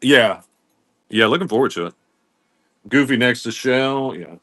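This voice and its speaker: A man's voice: mid-range voice, animated, unhurried, sharp tone, dry recording. A man hosting a live online sale, casually greeting viewers by name and running through items one by one. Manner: welcomes viewers by name while listing items. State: coughing now and then. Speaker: livestream seller host.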